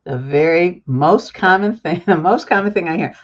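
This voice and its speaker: A woman's voice: lowish voice, normal speed. Older lady guest on a talk show, earnest, emphatic, kinda emotional, dull lo-fi sound. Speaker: author and guest.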